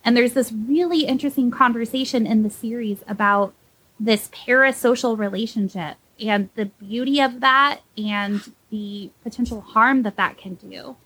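Young woman, podcast commentary, sarcastic, animated, higher voice. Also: normal speed, husky, low-quality recording. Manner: animated, sarcastic, with pitch jumps when mocking. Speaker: podcast co-host.

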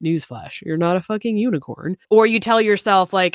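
A woman's voice: mid-range voice, moderate pace, hardly any pauses, no echo, studio quality. A woman health coach giving a blunt, profane motivational monologue.

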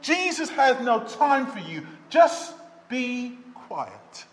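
A man's voice: very high-pitched, sing-song, slow pace, pitched above the performer's own voice, heavily acted. A man voicing a scornful onlooker who scolds and mocks, in an echoey church. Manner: contemptuous, scolding.

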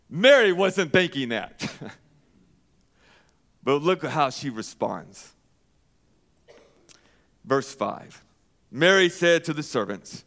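A man's voice: fairly high pitch, very animated, takes it slowly, long pauses, a bit bright. A male pastor preaching a sermon, asking questions and answering them himself, with emphatic repetition.

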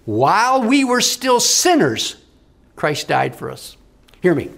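Impassioned high-voiced male preacher. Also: very animated, slow pace, gravelly, a bit bright. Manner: impassioned, emphatic, rising and falling delivery. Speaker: radio preacher. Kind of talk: broadcast sermon.

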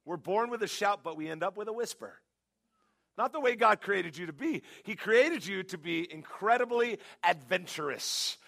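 A middle-aged man preaching, with a high, gravelly voice and a bright, forceful edge. He tells stories with punchy, excitable energy and now and then breaks into shouts. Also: moderate pace. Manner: storytelling, punchy and excitable, big jumps to shouting. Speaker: pastor. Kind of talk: sermon.

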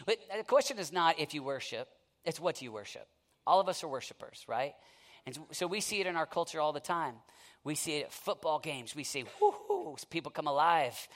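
In a slightly high voice, a preacher tells stories with quick asides and acted-out quotes, his fervent sermon shifting from near-shouts to hushed intensity.

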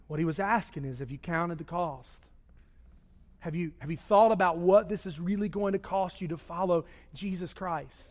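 A man preaching a sermon, swinging between loud raised delivery and hushed low passages. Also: normal speed. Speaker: pastor. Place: church sanctuary. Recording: long reverb of a large hall.

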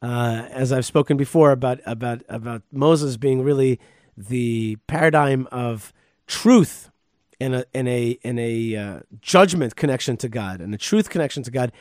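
A man, a rabbi, teaching the weekly Torah portion in a casual, animated way, reading verses and then riffing on them with restarts and emphatic bursts. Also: medium pitch, normal speed, no echo, clean studio sound. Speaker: rabbi and podcast host.

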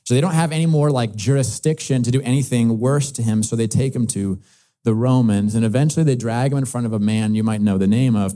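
A man giving a sermon, moving between scripture reading and relaxed, chatty explanation. His voice is mellow and dark in tone, sitting at an ordinary pitch for a man. He talks plainly, often saying "like" as he works through the passage. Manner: conversational, uses many filler likes. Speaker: preacher.

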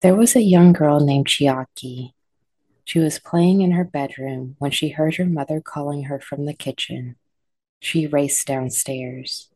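A woman hosting a sleep podcast, calmly guiding relaxation and reading a story aloud. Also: deep voice, a little slow, no echo. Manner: calm, soft, guiding relaxation. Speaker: podcast host and sleep guide. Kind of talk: soothing sleep story narration.

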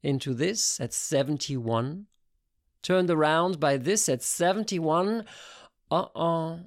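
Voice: mid-range voice, takes it slowly. A reader voicing a wry, guarded man of seventy-one in an audiobook.

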